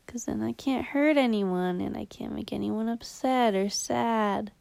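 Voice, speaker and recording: Young woman, casual confessional vlog, slow unhurried talk, gravelly fry, often slips into a whisper, dry close sound. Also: darkish tone, no room sound. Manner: low-key, rambling, often drops to a whisper; blunt, with swearing.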